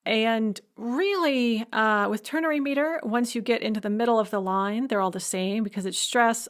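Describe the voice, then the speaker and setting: A woman's voice: on the high side, moderate pace, hardly any pauses. Woman lecturer explaining poetic meter. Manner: explanatory, hums rhythms aloud. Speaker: instructor. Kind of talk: recorded lecture.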